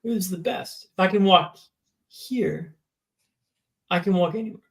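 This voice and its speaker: A gravelly, high-sitting male voice at normal speed belongs to a man in his thirties. As a podcast guest in an echoey room, he narrates his story vividly and dramatically, often tossing in "right?"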